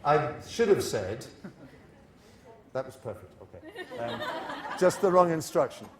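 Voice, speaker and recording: A British man leading an English-teaching workshop in a university hall, animated and self-correcting as he drills a large audience with quick asides. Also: on the high side.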